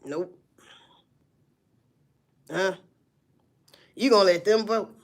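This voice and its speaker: Talking very slowly in a mid-range voice, a woman in her 40s rants casually to viewers. She's loud and swears often, laughing through animated stories.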